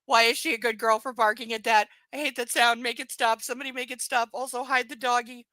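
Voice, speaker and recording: A woman playing a grumpy confused pet dog, whiny and a bit louder than her usual voice. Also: a little high, fairly even intonation, fast talker, dry recording. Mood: indignant. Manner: whiny, indignant complaining.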